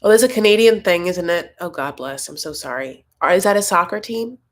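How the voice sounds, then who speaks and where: A woman's voice: lowish voice, expressive, a little fast. A young woman hosting a casual live-stream chat from home, rambling through her thoughts and reading viewer comments aloud. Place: home, Los Angeles.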